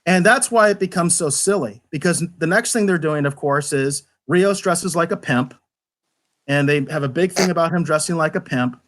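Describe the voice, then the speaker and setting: A man's voice: fairly high pitch, normal speed, a bit bright. A man casually reviewing an episode on a podcast, rambling and stumbling over repeated words as he critiques with exasperation.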